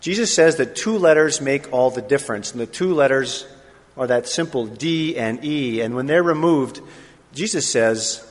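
A male pastor preaching a sermon in a relaxed, conversational way, with pauses and fillers. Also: mid-range voice. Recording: long reverb of a large hall.

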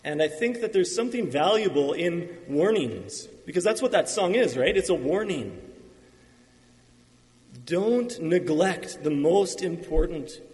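An earnest male pastor delivers his sermon in a slightly raised voice, pausing and restarting as he gathers his thoughts. The sound carries a long hall reverb, as if captured in a large church sanctuary. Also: fairly high pitch, animated, darkish tone. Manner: earnest, halting with restarts and fillers.

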